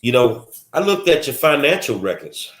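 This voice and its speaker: A Texan man speaking in a middle-pitched voice, delivering a confrontational monologue. He talks bluntly in a streetwise way and fires off rhetorical questions. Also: very animated, normal speed, fairly bright tone. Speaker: political commentary host.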